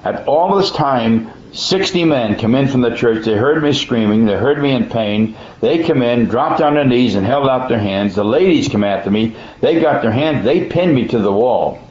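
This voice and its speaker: A man's voice: medium pitch, expressive, moderate pace, hardly any pauses, a little mellow. A man telling a personal testimony in plainspoken, folksy speech, earnest and emphatic, often restarting his words. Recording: dull echoey room recording.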